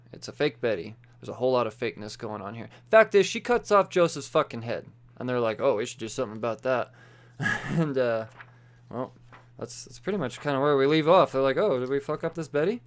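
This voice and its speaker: A man's voice: mid-range voice, clear, resonant tone. A young man hosting a solo comics podcast, rambling loosely and swearing freely while he sums up the week's issues, a little tipsy from beer. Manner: loose and profane, quoting characters in offhand voices. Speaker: podcast host reviewing comics. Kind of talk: casual solo podcast chat.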